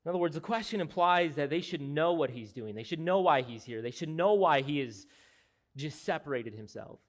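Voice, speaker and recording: A man's voice: fairly high pitch, animated, brisk. A man preaching an expository sermon as pastor, speaking in an earnest, emphatic, explanatory way.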